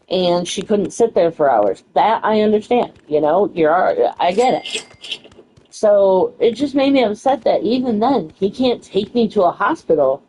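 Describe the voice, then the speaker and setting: A woman's voice: medium pitch, animated, a little slow, warm tone, slight background noise, low-quality recording. A young woman telling a story in a casual, frustrated way, swearing freely and saying "you know" a lot. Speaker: streamer.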